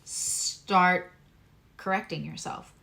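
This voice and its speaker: A woman's voice: on the low side, slow pace, gravelly, sharp tone. A woman from Long Island giving a casual astrology and tarot reading, emphatic and repeating her key points. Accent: neutral American, former Long Island accent dropped. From Long Island, New York. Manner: emphatic, repeats key phrases, chatty asides.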